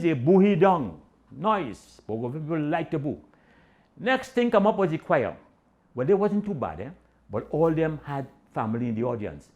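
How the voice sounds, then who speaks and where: An older man with a Trinidadian accent telling a comic story in dialect, animated and acting out the characters. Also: mid-range voice. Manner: animated Caribbean-dialect storytelling with voiced quotes.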